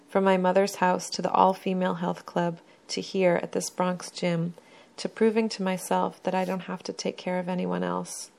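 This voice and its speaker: A woman reading her own first-person memoir aloud in a measured, even storytelling manner. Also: lowish voice, gravelly.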